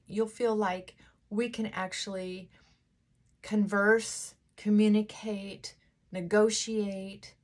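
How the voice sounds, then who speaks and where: A woman vlogger chatting casually while getting ready, talking things through in a thoughtful, unhurried way with frequent pauses and fillers. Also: mid-range voice. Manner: unhurried, reflective, thinking aloud.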